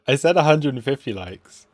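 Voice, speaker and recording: A man's voice: mid-range voice, animated, a little slow, a little mellow, no room sound, clean studio sound. A man hosting a casual live stream about crypto trading, rambling and self-mocking as he reads the chat aloud.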